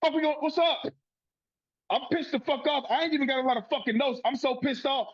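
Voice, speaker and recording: A man's voice: very high-pitched, quick pace, lo-fi sound. A man hosting a sports podcast, ranting in a profane, fired-up way. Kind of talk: heated sports rant.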